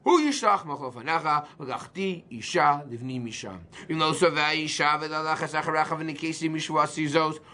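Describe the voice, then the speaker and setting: A man rabbi teaching an informal class, lively and quizzing the class, often acting out voices. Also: a little high. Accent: Canadian. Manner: lively, acts out voices, asks the class questions.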